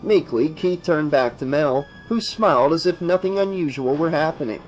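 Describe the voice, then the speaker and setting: A man reading a horror audiobook aloud in a steady, measured storytelling manner. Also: a little high, dull audio, slight background noise. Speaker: audiobook narrator.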